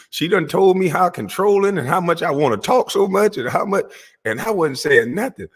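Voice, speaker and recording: A middle-aged man telling a comic story about his family, profane and animated, laughing often. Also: high voice, moderate pace, breathy edge. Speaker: vlogger. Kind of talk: comedic storytelling monologue. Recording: long echoey reverb.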